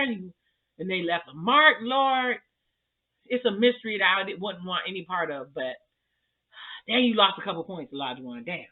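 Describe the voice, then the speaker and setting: A man giving a sassy, chatty, slang-filled recap of a reality TV episode. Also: high voice. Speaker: TV recap vlogger. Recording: tinny phone-like sound.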